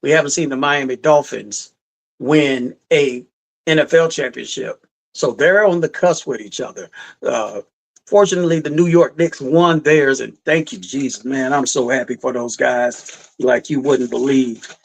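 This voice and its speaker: A man's voice: medium pitch, a little slow, gravelly, rough recording. A middle-aged man hosting a live sports podcast, rambling and emphatic, repeating his points. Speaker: podcast host. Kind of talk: casual sports talk.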